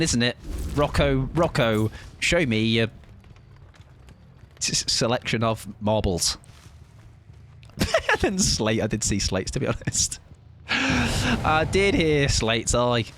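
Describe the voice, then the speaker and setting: A man's voice: mid-range voice, a bit bright, a little hiss or hum. A man chatting casually and joking through a gaming stream, swearing freely and mocking himself.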